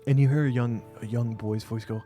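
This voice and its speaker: Male game master, mid pitch, easygoing narration over faint music. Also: a little fast. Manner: relaxed storytelling with fillers.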